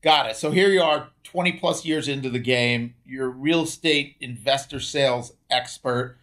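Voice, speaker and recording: A man's voice: medium pitch, a bit bright. Eager male podcast host. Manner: eager, jumps in with quick reactions and long questions. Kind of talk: casual interview conversation.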